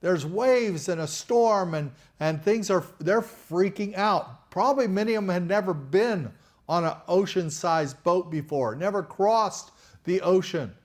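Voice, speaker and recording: A man's voice: high-pitched, lively intonation, measured pace. A man preaching a sermon to a congregation in an earnest, folksy way, often repeating words as he goes.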